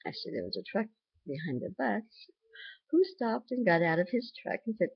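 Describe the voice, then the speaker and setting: A woman's voice: medium pitch, expressive, fairly quick, vocal fry, husky, no room sound, dull audio. An older woman, a grandmother, talking in a casual vlog with an earnest, chatty manner. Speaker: vlogger and grandmother.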